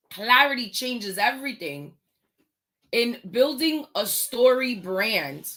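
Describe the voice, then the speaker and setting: A woman hosts a motivational talk in a bright, forward voice. She takes her time, leans on her key words and pauses deliberately. She drives her points home with short rhetorical questions. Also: a little high. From United States. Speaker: host.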